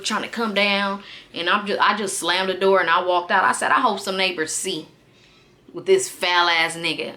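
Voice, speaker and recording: A young woman telling a profane, animated story in a casual vlog. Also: fairly low pitch. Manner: animated, profane, acts out quotes loudly. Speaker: storytime vlogger.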